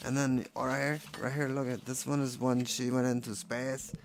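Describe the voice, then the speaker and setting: Brief: male painter, playful rambling commentary, gravelly fry in the voice. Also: medium pitch, level tone, normal speed, a little hiss or hum. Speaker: painter showing his work. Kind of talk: casual commentary.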